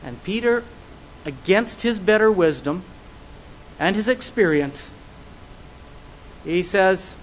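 A man preaching a sermon, earnest and measured, putting searching questions to his listeners. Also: high-pitched, animated, a little hiss or hum, low-quality recording.

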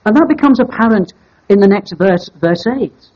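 Husky high-voiced male preacher, lo-fi. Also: lively intonation. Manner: measured, deliberate teaching with stressed key words. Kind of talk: evening Bible sermon. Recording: dull lo-fi sermon recording.

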